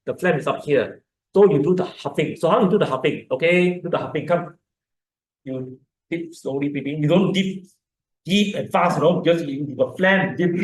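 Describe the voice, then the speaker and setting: A man with a Malaysian English accent gives an informal lecture on health, explaining patiently and repeating key words as he shows how to breathe. His voice sits a little high for a man. The sound carries a noticeable echo from the room he speaks in. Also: a little mellow. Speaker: doctor giving a lecture. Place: lecture hall.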